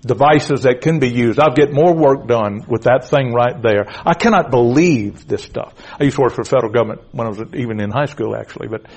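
A man's voice: medium pitch, a little fast, few pauses, a little mellow, slightly rough, low-quality recording. A middle-aged man preaching a blunt, emphatic sermon, repeating phrases and calling out to the congregation. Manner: calls out to the congregation. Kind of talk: fiery sermon.

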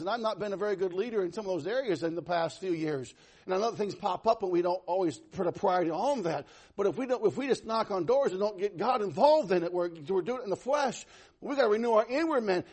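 High-voiced husky preacher man. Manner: animated, swings from loud to soft; conversational, self-deprecating humor. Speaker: pastor. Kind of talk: sermon.

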